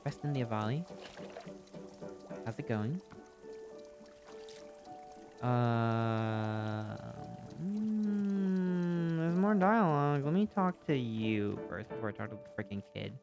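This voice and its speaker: A streamer making quiet, offhand remarks while playing a game. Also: expressive, slow pace, pauses often, music in the background. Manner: low-key, quiet, offhand. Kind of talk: casual game commentary.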